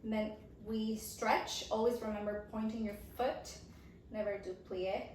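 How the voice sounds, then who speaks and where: Dance teacher, woman, slow and clear, counting steps, far from the mic in a very echoey room. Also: mid-range voice, fairly even intonation, a little mellow, a little hiss or hum. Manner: encouraging, counting beats aloud, checking in with okay and yeah. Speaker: dance instructor. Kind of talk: dance class instruction with counting.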